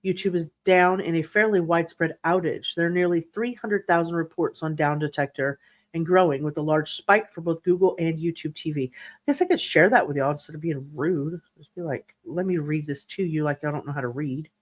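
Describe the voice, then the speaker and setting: A woman's voice: low voice, brisk. A woman hosting a livestream, chatting casually and snarkily while reading viewer comments, laughing often. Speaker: true crime livestream host.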